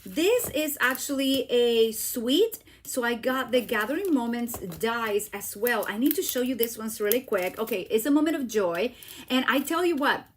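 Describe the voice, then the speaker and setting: Lady doing a live stamping demo, kinda high voice, chatty and excitable. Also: moderate pace, slight background noise. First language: Spanish. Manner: chatty and exclamatory, with frequent "like" and "okay?". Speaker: stamping demonstrator. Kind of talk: casual live craft demo.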